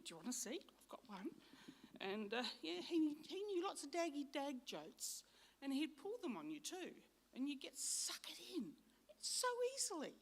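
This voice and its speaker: An Australian woman giving a funeral eulogy in a church, chatty and anecdotal, fond and close to tears. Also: high voice. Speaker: eulogy speaker.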